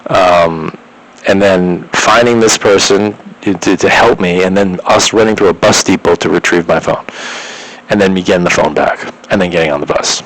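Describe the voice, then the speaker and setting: Husky-voiced man rambling a story. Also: low-pitched, normal speed, a bit bright, rough recording. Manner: stammering restarts, lots of filler words. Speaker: vlogger.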